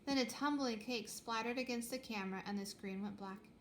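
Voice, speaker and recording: A woman's voice: a little high, fairly quick, a little hiss or hum. Woman reading a storybook aloud. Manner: lively expressive storytelling. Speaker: reader. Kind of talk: reading a children's book aloud.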